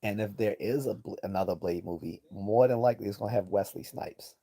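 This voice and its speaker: A man's voice: on the low side, brisk, vocal fry, dark tone. A man hosting a livestream, giving blunt, profane, rambling commentary and reading chat messages aloud. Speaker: livestream host.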